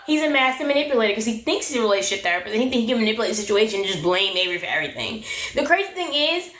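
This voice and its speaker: A woman's voice: high-pitched, fairly bright tone. A woman giving a casual, sassy recap of a reality show, laughing often. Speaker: recap vlogger. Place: her room. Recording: echoey room.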